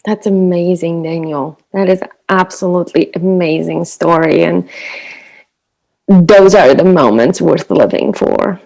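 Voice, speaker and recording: Female podcast host; lowish voice with lots of fry, warm and responsive. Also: unhurried, low-quality recording. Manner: warm, responsive reactions to the guest. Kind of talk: interview.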